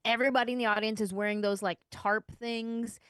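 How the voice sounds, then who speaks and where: A woman hosting a podcast in a studio, telling stories in a lively, casual way and using a lot of slang. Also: a little high, brisk, smooth, dry recording. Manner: animated storyteller with casual slang. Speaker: podcast host.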